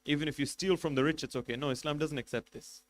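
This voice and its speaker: Emphatic man preaching a sermon, pitched a bit high. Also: fairly even intonation, fast. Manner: emphatic, numbered points, rhetorical questions. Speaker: sheikh giving a majlis lecture.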